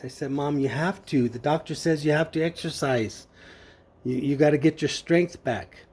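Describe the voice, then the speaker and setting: Giving his testimony, a man haltingly tells a family story full of pauses and fillers, performing the lines of dialogue he quotes. His voice is fairly high in pitch, husky, with a darkish tone.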